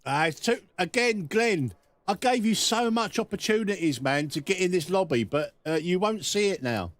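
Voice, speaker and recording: A man's voice: high voice, lively intonation, moderate pace, no echo. A man streaming a racing game, chatting casually with viewers in a teasing way, laughing often and repeating words as he goes. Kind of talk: casual live-stream chat.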